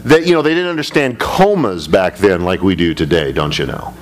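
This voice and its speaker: A male pastor teaching a Bible study, speaking emphatically and climbing high when he retells scripture. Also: animated, fairly quick. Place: church sanctuary.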